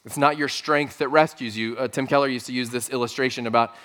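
A man's voice: medium pitch, steady tone, quick pace, a bit bright. A man preaching a sermon as pastor, earnest and emphatic, building points through repeated phrases.

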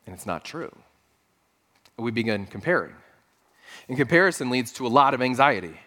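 Male pastor, mid-pitched, earnest sermon delivery with emphatic repetition. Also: animated, normal speed, pauses often, pushed and bright. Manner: earnest, emphatic, with repeated phrases.

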